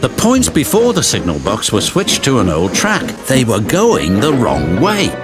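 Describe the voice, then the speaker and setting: A man's voice: mid-range voice, huge pitch swings, unhurried. A man narrating a children's storybook, with music behind. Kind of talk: storybook reading. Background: background music.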